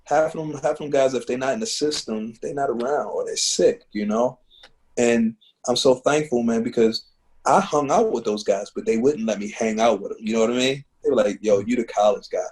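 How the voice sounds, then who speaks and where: Roughly recorded in a home living room, a man with a low-ish, slightly mellow voice tells sincere, heartfelt stories. He's a musician and teacher from Baltimore speaking in a reflective interview, leaning often on "man" and "you know."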